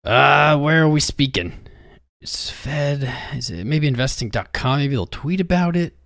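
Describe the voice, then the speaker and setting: A man's voice: a little high, lively intonation, normal speed, creaky, a bit bright, no echo, clean studio sound. A young man hosting a crypto livestream, talking restlessly to his chat while he searches for something.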